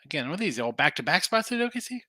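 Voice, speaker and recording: A man's voice: a little high, sing-song, rapid-fire, bright, forceful tone, no echo, studio quality. A man hosting a sports betting show, casually running through picks and answering viewers. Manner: loose, rambling, answers chat comments. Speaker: sports betting podcast host.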